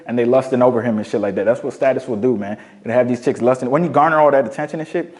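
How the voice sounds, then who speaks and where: A young man coaching on dating, telling casual stories in a slangy, profane, animated way. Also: mid-range voice, quick pace. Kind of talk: casual storytelling monologue.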